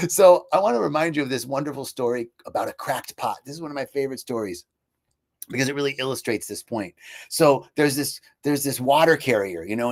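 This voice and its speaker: Guy hosting a live inspirational talk, animated storyteller, laughs a lot. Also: mid-range voice. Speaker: host.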